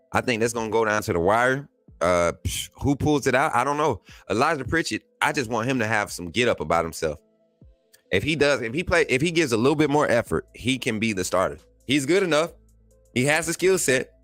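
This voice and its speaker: A man's voice: mid-range voice, no echo. Man, Southern Alabama accent, live-stream host, casual and chatty, laughs a lot, dry close sound. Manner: animated, laughs often, reads and answers chat comments.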